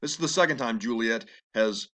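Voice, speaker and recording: A man teaching a class on a play, explaining the scenes patiently and reading the verse aloud slowly and with feeling. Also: medium pitch, fairly bright tone. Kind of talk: lecture with read-aloud passages.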